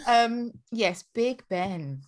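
Bubbly higher-voiced woman from Essex. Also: animated. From Essex, England. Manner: bubbly, jokey, quick to react. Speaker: podcast co-host. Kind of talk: casual chat.

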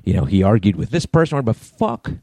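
A middle-aged man co-hosting a podcast, telling a profane, animated story in casual chat. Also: lowish voice, brisk, no echo. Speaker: podcast co-host.

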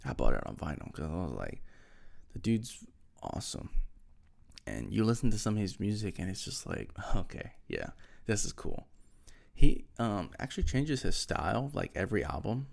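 Speaking at normal speed in a fairly low, creaky, sing-song voice, a young man rambles through a casual solo chat. He often forgets names partway through a thought and fills the pauses with plenty of ums and likes.

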